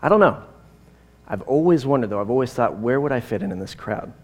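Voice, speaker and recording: A man in his forties delivering a sermon like a chat, drifting into personal tangents with plenty of fillers before getting back to the scripture. His voice sits at a middling pitch. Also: animated, fairly quick, a little mellow. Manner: conversational, rambling with fillers and asides. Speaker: pastor.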